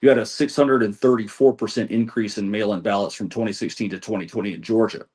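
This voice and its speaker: Low-voiced man citing election statistics. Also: steady tone, fast talker, darkish tone. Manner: rattles off statistics, frequent restarts. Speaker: guest, election data analyst. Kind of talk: interview answers.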